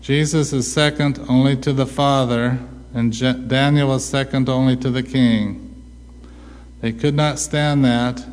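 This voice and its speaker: A man preaching a sermon, asking rhetorical questions and answering them himself with a slow, deliberate delivery. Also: medium pitch, steady tone. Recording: long hall reverb.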